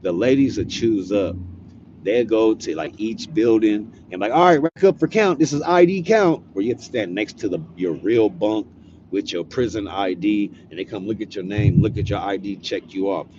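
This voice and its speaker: Low-voiced man telling a slangy story. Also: fairly even intonation, moderate pace, dull audio, noisy background. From California. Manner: slangy, profane, laid-back. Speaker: storyteller vlogger. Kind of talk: casual storytelling.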